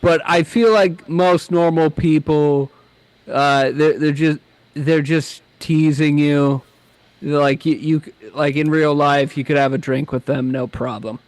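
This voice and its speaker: A man's voice: fairly high pitch, steady tone, takes it slowly, no room sound. A man chatting as a guest, rambling with lots of restarts and blunt, profane asides. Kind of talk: casual chat.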